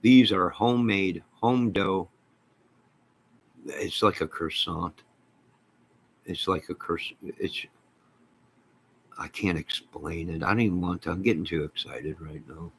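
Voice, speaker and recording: A man hosting his own channel, chatting casually to his viewers on a live stream in an excitable, folksy, rambling way. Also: deep voice, measured pace, long pauses, a little hiss or hum, rough recording. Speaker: channel host.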